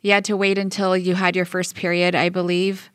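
Low-pitched woman interviewer, dry sound. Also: little pitch movement, brisk, fairly bright tone, smooth, no room sound. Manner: probing, recaps before asking. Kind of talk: interview questions.

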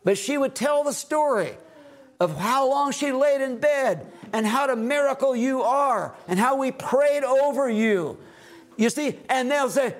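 A middle-aged man preaching a sermon at a family retreat, rising to loud exhortation and dropping to hushed, low phrases. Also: unhurried.

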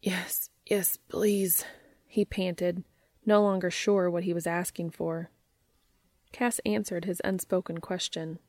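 A woman reading a romance story aloud in a calm, steady narrating voice. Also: lowish voice, a little slow, no echo. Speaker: fan fiction reader.

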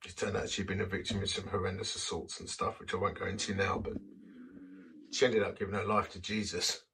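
A man's voice: low-pitched, flat delivery, a little fast, gravelly, fairly bright tone, recorded from a distance, a little hiss or hum. A man who is a vicar, telling a story in a sermon in a self-deprecating, anecdotal way and acting out the quotes.

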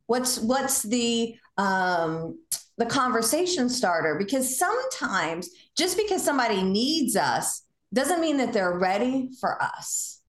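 A woman with a Southern US accent hosting a podcast, coaching in a casual, animated way and acting out sample conversations. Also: a little high, takes it slowly, reverberant. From Southern United States. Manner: animated, acts out sample dialogue in lively voices. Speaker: podcast host.

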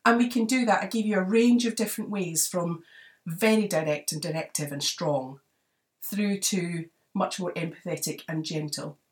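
A woman with a fairly low voice hosts a solo advice podcast. She talks in a loose, conversational way, with "you know" filling the gaps. Her voice sits a little back from the microphone. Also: normal speed, distant mic. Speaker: podcast host.

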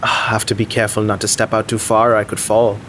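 A man's voice: fairly low pitch, monotone, fast talker, fairly bright tone, slight background noise. A young man narrating an audio drama in the first person, anxious and self-deprecating, with faint music underneath. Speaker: narrator and lead character.

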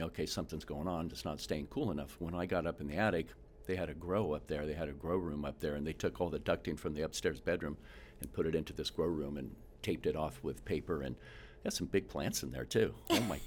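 A man who works as a home inspector, telling animated stories in a casual interview and acting out the people he quotes. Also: very deep voice, a little fast, few pauses, slight background noise. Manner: animated storyteller, acts out quotes, frequent restarts.

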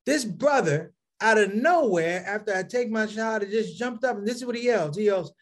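A male stand-up comedian telling a story to his audience, calling them brothers and sisters and swinging from low asides to shouted punchlines. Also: expressive, normal speed.

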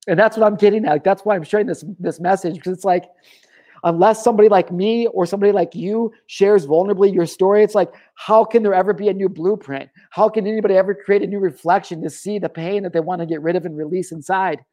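A man speaking in a high voice, delivering a raw and heartfelt confessional monologue as the host of his own show. He talks with intense feeling and swears freely. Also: quick pace, mellow. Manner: raw, emotional, heavy swearing. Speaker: podcast host.

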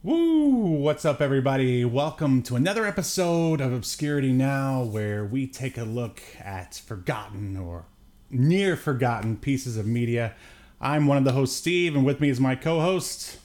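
A man's voice: mid-range voice, animated, normal speed, darkish tone. Jokey male podcast host. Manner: jokey, laughs often, many fillers. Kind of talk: casual chat.

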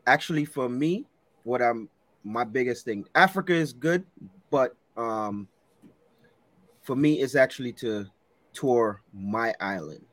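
A man from Jamaica, a cohost in casual podcast chat, telling lively stories and laughing often. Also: mid-range voice, a little slow, pauses often, dry recording. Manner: animated storyteller, laughs often.

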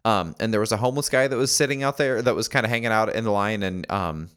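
A man with a somewhat low voice tells stories on a casual podcast, wandering through ums and restarts. He acts out the people he describes, jumping up into their voices as he goes. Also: quick pace, a bit bright, smooth. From Los Angeles area resident. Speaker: podcast co-host. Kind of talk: casual chat, storytelling.

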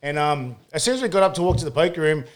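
A man's voice: fairly high pitch, expressive, racing. A young Australian man telling a story in casual chat, swearing, laughing and saying "bro" after every phrase.

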